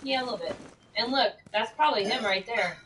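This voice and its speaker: A woman's voice: on the high side, fast, fairly bright tone, far from the mic, a little hiss or hum, rough recording. A woman streamer chatting casually while playing a game, playful and giggly. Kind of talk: casual chat while gaming.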